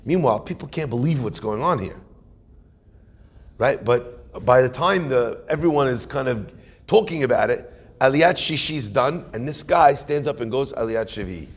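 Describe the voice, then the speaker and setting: A rabbi telling a story in a sermon, animated, acting out characters with punchy asides. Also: male voice, medium pitch, normal speed, husky.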